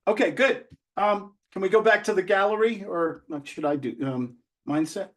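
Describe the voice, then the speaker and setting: A man's voice: sits high, normal speed. A man co-presenting on a video-call webinar, chatty and cheerful, a little unsure at times. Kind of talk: casual webinar chat.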